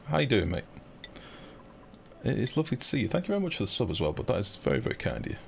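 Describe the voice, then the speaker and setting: A young man commentating casually on a live game stream, chatty and excitable, swearing freely and talking to his chat. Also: on the low side, fast, gravelly, a little hiss or hum.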